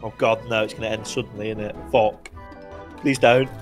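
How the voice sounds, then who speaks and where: A man's voice: on the low side, steady tone, normal speed, soft background music. A man chatting casually while playing a game, swearing, yelping and laughing. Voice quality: swears a lot, yelps and laughs. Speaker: gaming video co-host. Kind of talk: casual gameplay chat.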